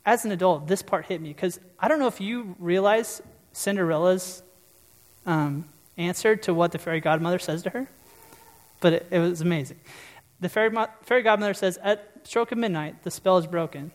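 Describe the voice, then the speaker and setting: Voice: medium pitch, moderate pace. Preacher with conversational sermon, echoing hall. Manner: conversational, asks the audience questions. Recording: long reverb.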